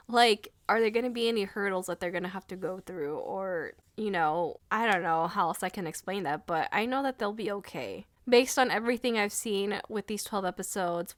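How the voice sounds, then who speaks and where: A woman's voice: mid-range voice, no room sound, studio quality. A woman reviewing an anime episode in a casual, gushing and emotional way, with lots of fillers.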